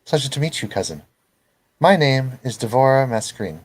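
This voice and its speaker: A man's voice: mid-range voice, big pitch swings, moderate pace, voice pushed up. A man voicing a polite, predatory spider-woman in a tabletop role-play. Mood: sweet.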